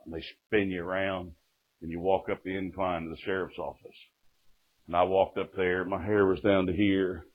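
A man giving a folksy sermon testimony, rising to shouts and dropping to hushed storytelling. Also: low-pitched. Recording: tinny phone-like recording.

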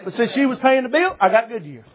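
Preacher guy telling funny stories from the pulpit, kinda high voice, muffled lo-fi recording. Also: very animated, fast. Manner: folksy, joking, addresses listeners as brother. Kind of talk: humorous storytelling sermon. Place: church service.

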